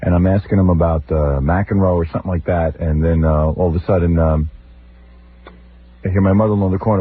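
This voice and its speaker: Fast-talking exasperated man ranting on old radio. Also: low-pitched, slightly rough. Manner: animated, exasperated, mimics family members. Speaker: radio show host. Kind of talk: comic storytelling rant. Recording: tinny phone-like old radio recording with faint hiss.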